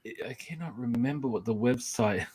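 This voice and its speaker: A man hosting a casual comics podcast, upbeat and energetic as he runs the show. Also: mid-range voice, a little slow, breathy edge. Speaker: podcast host.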